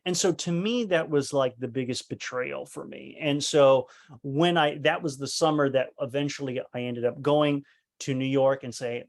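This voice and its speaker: A man's voice: medium pitch, normal speed. A man giving a leadership training talk, telling a personal story earnestly, with many restarts and acted-out quotes. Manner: earnest, full of restarts, acts out quoted voices.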